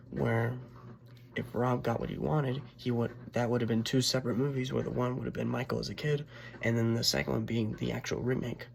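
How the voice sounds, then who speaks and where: Hoarse, gravelly young man rambling. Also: medium pitch. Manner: rambling, full of "like" and restarts. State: hoarse from being sick. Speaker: movie reviewer. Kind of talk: casual spoken review.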